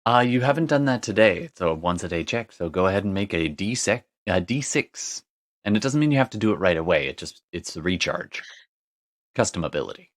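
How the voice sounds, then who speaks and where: Deep-voiced man running a tabletop game. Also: expressive, brisk. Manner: descriptive, rambling with frequent fillers and restarts. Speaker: game master.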